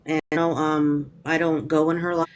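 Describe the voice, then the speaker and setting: A guest joining a livestream call, speaking hesitantly and gently with many fillers. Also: medium pitch, level tone, normal speed. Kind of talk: casual chat.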